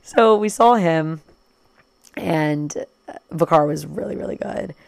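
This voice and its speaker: A woman in her twenties telling a casual storytime, chatty and quick, full of "like" and acted-out quotes. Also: low voice, gravelly, no echo. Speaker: vlogger.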